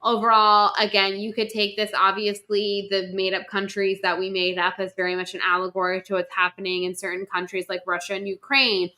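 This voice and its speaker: Young woman podcast co-host, bright and punchy delivery, emphatic rants with casual swearing. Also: mid-range voice, a little fast, few pauses. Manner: emphatic, animated, swears freely. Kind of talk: casual ranting chat.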